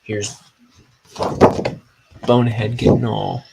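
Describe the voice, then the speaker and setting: Gravelly, slow-talking man streaming his drawing. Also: fairly low pitch, flat delivery, very noisy. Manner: rambling, self-mocking, chatty. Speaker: cartoonist streaming his inking. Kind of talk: casual livestream chat.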